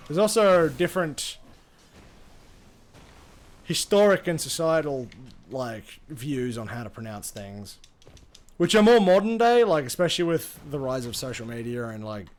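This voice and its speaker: A man's voice: mid-range voice, lively intonation, moderate pace. A young Australian man streaming a game, rambling and swearing casually as he answers chat between plays. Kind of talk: casual gaming livestream chat.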